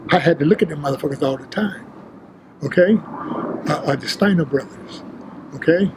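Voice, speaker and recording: Older man, interview guest, streetwise, profane, animated, slightly high voice, faint noise. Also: normal speed. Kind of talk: casual storytelling.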